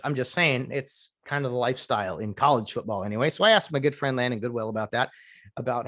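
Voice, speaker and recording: A man's voice: mid-range voice, brisk, fairly bright tone. A man hosting a solo podcast, rambling through opinions with frequent restarts and asides. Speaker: podcast host.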